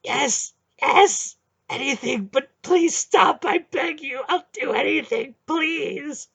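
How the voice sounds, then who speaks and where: A man voicing a frightened old male sorcerer-priest, shrill and wailing. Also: slow pace, creaky, pushed and bright, exaggerated voice. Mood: begging.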